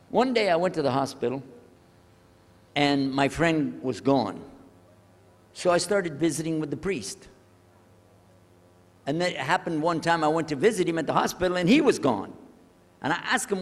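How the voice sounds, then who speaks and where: An older male religious speaker telling a personal story to an audience, acting out the dialogue with lively changes of voice. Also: on the high side, normal speed, long pauses, in a large hall. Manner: animated storyteller who acts out the dialogue.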